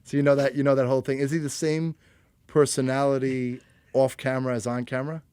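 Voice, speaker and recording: A man's voice: medium pitch, level tone, fast talker, darkish tone, clean tone, dry recording. A man hosting an interview podcast who asks his questions with affirming, restarting phrasing. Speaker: podcast host.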